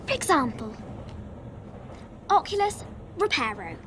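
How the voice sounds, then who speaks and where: A woman's voice: high-pitched, big pitch swings. Prim, bossy schoolgirl. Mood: condescending. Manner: prim, precise and brisk. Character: bossy know-it-all schoolgirl. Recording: film clip with background noise.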